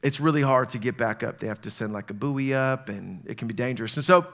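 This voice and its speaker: A man, a pastor, giving a sermon and telling stories with lively acted-out quotes. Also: medium pitch, quick pace. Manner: animated storytelling, acts out panicked quotes. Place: church stage.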